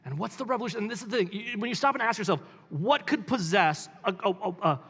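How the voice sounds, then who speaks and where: A man reads passages from a book and stops to comment on them. His voice sits a little high, and he asks pointed rising questions between the quotes. A long reverb tail hangs behind his words. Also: expressive, fast talker, fairly bright tone, slightly rough. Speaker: pastor. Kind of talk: live book reading with commentary.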